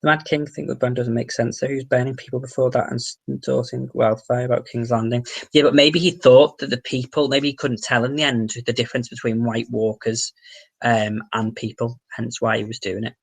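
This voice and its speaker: Viewers' comments get read out and answered one after another by this relaxed livestream host, a Wirral, England native with a Merseyside accent. He is quick and chatty, with a medium pitch, a gravelly fry and casual swearing here and there.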